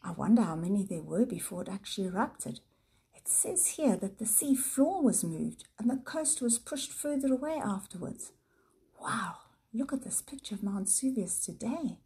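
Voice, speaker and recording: A woman's voice: mid-range voice, animated, normal speed, warm tone, husky. A woman voicing an eager, bookish boy. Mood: excited. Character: young boy Peter, excited and knowledgeable.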